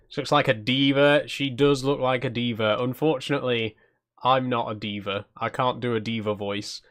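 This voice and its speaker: A man's voice: medium pitch, fairly even intonation, moderate pace, fairly bright tone. A man streaming a cozy game, chatting casually, laughing often and poking fun at himself. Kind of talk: live stream gameplay commentary.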